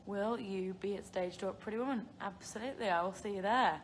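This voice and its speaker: A woman's voice: medium pitch, fairly quick, hardly any pauses, a little hiss or hum. A young English woman reading out fan questions and chatting casually on a phone livestream, often laughing and using filler words. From England. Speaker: actress answering fan questions. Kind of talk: casual live-stream chat.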